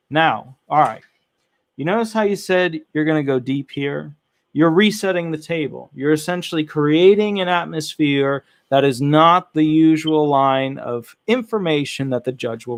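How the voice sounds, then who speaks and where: A man's voice: fairly high pitch, no echo. A man coaching a claimant, asking direct questions and giving encouraging feedback. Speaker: disability advocate coaching a claimant. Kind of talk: coaching interview.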